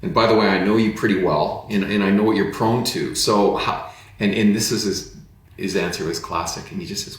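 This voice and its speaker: A man, a pastor as guest, telling lively anecdotes with jokey asides in casual conversation. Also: on the low side, brisk. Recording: very echoey room.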